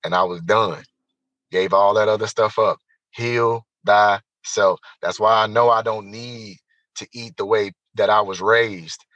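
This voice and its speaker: A man telling a personal story as an interview guest, animated and emphatic, speaking straight to the listeners. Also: on the low side, normal speed, dry recording, dull audio.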